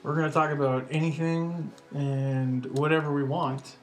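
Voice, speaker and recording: A man's voice: on the high side, fairly even intonation, normal speed. A Canadian man co-hosting a podcast in casual chat, with a dry, teasing delivery. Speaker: podcast co-host.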